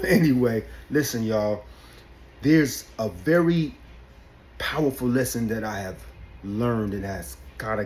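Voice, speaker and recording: A man's voice: medium pitch, slight background noise. A man from Albany giving an unscripted motivational talk, emphatic, often asking "you know what I'm saying". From Albany, New York. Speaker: barber and vlogger.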